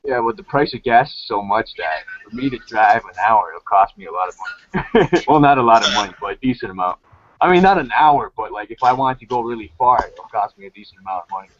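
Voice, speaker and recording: A man's voice: mid-range voice, lively intonation, quick pace, fairly bright tone, muffled recording. A young man chatting casually in an online hangout, rambling and saying "like" a lot. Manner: rambling, frequent "like", laughs easily. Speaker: hangout participant. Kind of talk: casual group chat.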